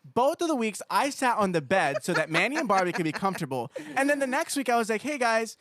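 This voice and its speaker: A man's voice: high-pitched, sing-song, fast, a bit bright, no room sound, clean studio sound. A man podcast co-host in casual chat, telling stories and playfully mimicking the others.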